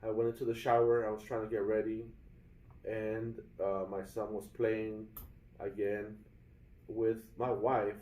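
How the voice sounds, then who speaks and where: A man's voice: on the low side, monotone, measured pace, dark tone, roomy sound, distant mic, poor audio. A young adult man vlogging casually about a bad hotel stay, rambling with many fillers and restarts and calling his viewers guys. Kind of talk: casual vlog complaint. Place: hotel room.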